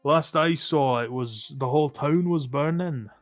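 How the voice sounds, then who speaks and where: A man's voice: a little high, unhurried, dry recording, faint music behind, voice pushed up, close to an everyday voice. A man voicing a frightened, exhausted townsman who is on edge, pleading and raising his voice. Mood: shaken. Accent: Scottish-ish put-on.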